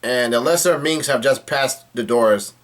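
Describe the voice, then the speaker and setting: A man casually recapping a comic chapter, halting often with fillers and restarts. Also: mid-range voice. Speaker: manga reader recapping a chapter.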